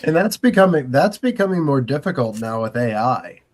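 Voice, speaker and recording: Mid-pitched male panelist; casual, restarts often. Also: very animated, normal speed. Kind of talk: panel discussion.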